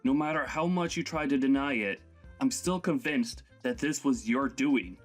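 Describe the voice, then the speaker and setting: A man's voice: medium pitch, normal speed, soft background music, natural voice. A man voicing a grown son who scolds his overbearing mother in an exasperated way. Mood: scolding.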